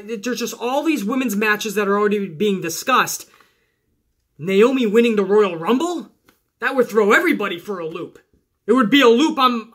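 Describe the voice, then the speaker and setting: A man hosting a casual wrestling podcast, animated and chatty, swearing and talking straight to his listeners. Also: high voice. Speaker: podcast host.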